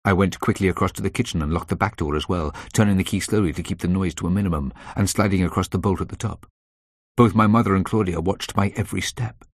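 A man narrating a story in a measured, tense way. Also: sits low, dry recording, clean studio sound. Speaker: audiobook narrator. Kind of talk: scripted narration.

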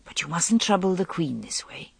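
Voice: medium pitch, big pitch swings, normal speed, gravelly, breathy edge, dry recording, exaggerated voice. A reader voicing a bold young escort knight in an audiobook. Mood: firm. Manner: friendly then firm. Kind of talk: audiobook character voice.

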